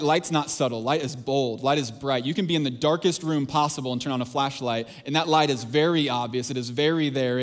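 Pastor, male, slightly high voice, earnest sermon delivery, leans on repetition. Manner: earnest preaching, emphatic repetition with quiet asides.

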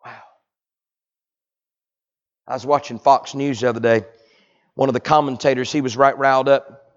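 A man preaching a sermon in a folksy way, dropping to hushed tones and rising to loud cries. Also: medium pitch, steady tone, moderate pace, muffled recording. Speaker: pastor.

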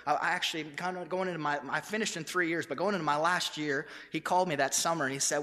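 A man in his thirties preaches to a congregation in a long, echoing hall, telling his story with restless energy and self-deprecating humor. His voice is bright and forceful and sits a little high. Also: fairly even intonation, fast talker, hardly any pauses. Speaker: pastor. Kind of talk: sermon. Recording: echoey hall.

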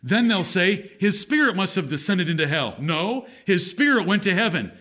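A man's voice: high voice, very animated, normal speed, bright, forceful tone. A man preaching a sermon as pastor, reading scripture aloud with strong emphasis.

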